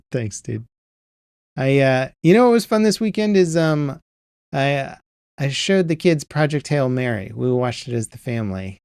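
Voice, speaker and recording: A man in his thirties hosts a casual gaming podcast, drifting through nostalgic stories with plenty of ums and restarts. His voice sits at an ordinary middle pitch. The close mic leaves no room sound. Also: measured pace, clean tone, no room sound. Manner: relaxed, rambling, nostalgic storytelling with many fillers. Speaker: podcast host. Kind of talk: casual chat.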